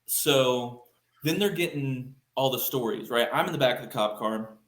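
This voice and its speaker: A man from Texas tells a story as a podcast guest, loose and animated, leaning on fillers as he acts out what people said. His voice sits at a middle pitch for a man. The room around him is noticeably echoey. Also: moderate pace. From Texas, United States. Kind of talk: casual storytelling. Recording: roomy echo.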